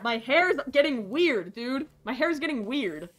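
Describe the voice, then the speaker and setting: Excitable high-voiced woman streamer. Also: normal speed, few pauses. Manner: excitable, squealing greetings and sudden swearing. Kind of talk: live gameplay stream chat.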